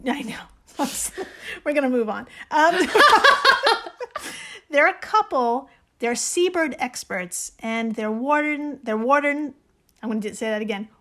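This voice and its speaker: A woman co-hosting a podcast in casual chat. She is excitable, swears freely and laughs often. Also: high-pitched, unhurried. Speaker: podcast co-host.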